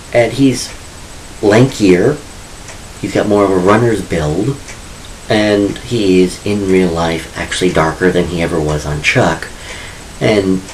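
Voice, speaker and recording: A man's voice: on the low side, slight background noise, rough recording. A man casually talking about his own book in a vlog, chatty and opinionated with wry asides. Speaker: author vlogger.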